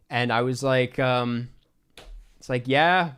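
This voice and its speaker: A young man hosting a stream, telling a funny anecdote in casual chat, animated and exasperated, laughing between lines. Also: mid-range voice, slow, long pauses, clear, resonant tone. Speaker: streamer host.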